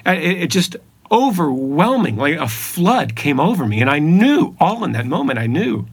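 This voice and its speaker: A man's voice: on the high side, sing-song, normal speed, husky. A man, sharing a personal faith testimony in an earnest, emphatic way. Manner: earnest, emphatic storytelling with repeated phrases. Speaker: podcast guest.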